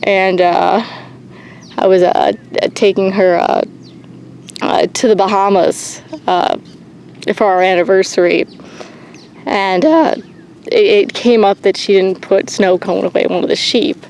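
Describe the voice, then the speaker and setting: A woman running an animal sanctuary, talking candidly in a halting way with many pauses and restarts. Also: mid-range voice, steady tone, creaky, darkish tone, a little hiss or hum. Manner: halting, many ums and restarts, nervous laughs. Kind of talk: candid personal vlog. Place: outdoors on a rural animal farm.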